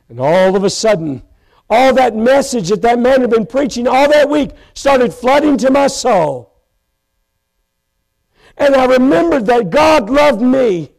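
A preacher gives a heartfelt testimony from a church pulpit. His voice sits unusually high for a man and carries a gravelly rasp. He swings between stretched-out, emphatic phrases and full-throated shouts. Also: expressive, rough recording. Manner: impassioned, bursts into shouts, slows for emphasis. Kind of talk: sermon testimony. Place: church pulpit, live stream.

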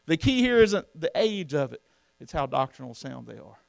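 A man's voice: on the high side, very animated, moderate pace, creaky, dry recording. A man preaching from the pulpit, folksy and emphatic, often asking the congregation questions. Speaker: pastor. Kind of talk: sermon.

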